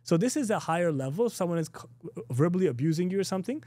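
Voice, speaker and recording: A man's voice: high-pitched, expressive, quick pace, warm tone, dry recording. A middle-aged man teaching an informal class on Islamic ethics, talking loosely with frequent laughs and restarts, and acting out quoted exchanges. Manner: conversational, laughs often, many restarts and "you know"; acts out quoted exchanges in a raised voice.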